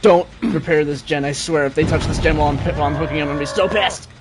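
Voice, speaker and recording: A young man giving live commentary on his own gameplay, muttering under his breath one moment and yelling out the next. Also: a little high, fast, noisy background. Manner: excitable, swings between mutters and loud outbursts. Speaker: streamer. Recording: loud game music underneath.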